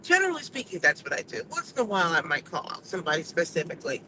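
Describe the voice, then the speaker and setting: A woman vlogger talking casually to camera, giving her opinions in an animated, emphatic and sassy way. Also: high-pitched, quick pace, few pauses, a little hiss or hum, rough recording.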